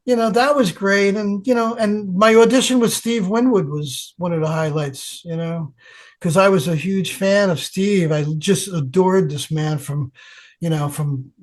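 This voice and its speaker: An older man, a guest guitarist, telling stories in an interview with lively acted-out voices. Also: sits high, a little slow. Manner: animated storyteller, acts out quoted voices. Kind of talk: storytelling interview.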